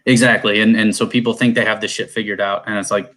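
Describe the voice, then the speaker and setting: A man talks in a lowish voice as a guest on a live show. He is joining over a video call. His delivery is loose and rambling, like easy conversation between friends. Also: flat delivery, fast, a bit bright. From Cleveland, USA. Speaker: guest, competition airgun shooter. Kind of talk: casual conversation.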